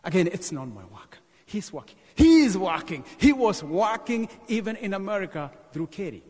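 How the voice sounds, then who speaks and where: A man's voice: high-pitched, moderate pace, husky, in a large hall. A man from Kenya in his thirties, telling his own story as a parish mission speaker and calling out to the congregation. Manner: animated testimony, calls to the congregation. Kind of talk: sermon storytelling. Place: church.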